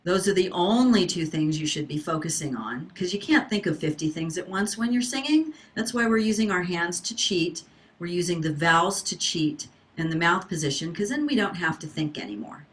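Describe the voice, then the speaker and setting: A woman's voice: fairly low pitch, lively intonation, normal speed. A middle-aged woman teaching an online singing workshop over a video call, encouraging the class to wave and respond.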